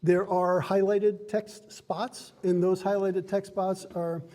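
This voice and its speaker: A game master with a high-pitched yet warm, mellow voice runs a tabletop session in a card and game shop, explaining rules to his players in an upbeat, chatty way and laughing often. His tone is level, he takes it slowly, and the room has a long reverb tail.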